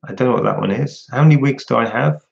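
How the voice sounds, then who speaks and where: A man's voice: mid-range voice, quick pace, gravelly, a little mellow, dull audio. A man hosting a casual livestream, chatting and answering viewers' questions one by one. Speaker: livestream host.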